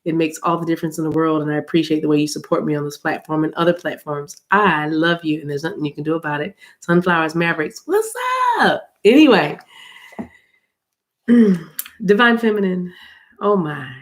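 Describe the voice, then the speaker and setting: An American woman doing a casual spiritual card reading, chatty and rambling, with a voice roughened by allergies. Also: deep voice, moderate pace. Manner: chatty and rambling, addresses viewers as y'all, laughs often. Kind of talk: casual tarot reading chat.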